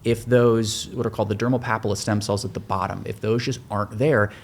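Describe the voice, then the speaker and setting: Fast-talking gravelly-voiced male surgeon. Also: on the low side, fairly even intonation. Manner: fast, thinking aloud with repeated restarts. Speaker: hair transplant surgeon. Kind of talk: expert explaining in a podcast interview.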